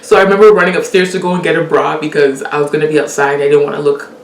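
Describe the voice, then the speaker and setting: A young woman with a lowish voice tells a personal story in a casual, lively way. She laughs often and acts out the lines she quotes. The voice is a little distant from the mic in a roomy space with a faint hiss behind it. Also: racing. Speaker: storyteller host.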